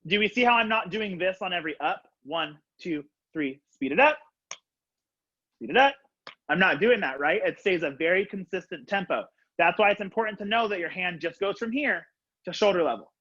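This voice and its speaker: A man's voice: sits high, fast talker. Upbeat man counting through a video-call class. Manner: upbeat, counting out loud, casual with lots of fillers. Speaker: color guard instructor. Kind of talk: live online class instruction. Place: home room, on the floor. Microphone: laptop webcam on a video call. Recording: dull lo-fi video call audio.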